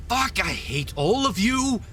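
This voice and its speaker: A man's voice: extremely high pitch, sing-song, unhurried, fairly bright tone, soft background music, pitched above the performer's own voice, heavily acted. A man voicing a spiteful male elf villain who snarls and curses at the party. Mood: furious. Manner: snarling, cursing outbursts.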